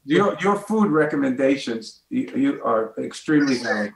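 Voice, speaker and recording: A man's voice: mid-range voice, expressive, moderate pace, vocal fry, reverberant, poor audio. A man, a guest comedian telling a story on a talk show and acting out the voices in it.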